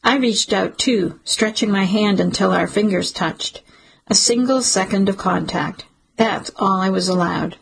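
A woman reading a first-person audiobook in a measured, emotional storytelling manner. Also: medium pitch, vocal fry, breathy edge, rough recording. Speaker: audiobook narrator.

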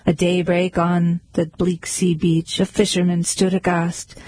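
A woman reciting poems aloud in a rhythmic, measured way. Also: lowish voice, level tone, a little mellow, no room sound, rough recording. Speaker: poetry reader. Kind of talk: recited poetry reading.

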